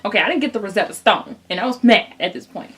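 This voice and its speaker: A young woman telling a casual storytime vlog straight to her viewers, animated and chatty, acting out what people said. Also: mid-range voice, quick pace. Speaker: vlogger.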